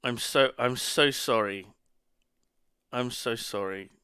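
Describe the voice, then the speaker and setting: A man's voice: medium pitch, slow, pushed and bright, smooth, no room sound, studio quality. A man chatting casually on a live stream, rambling and muttering to himself as he browses.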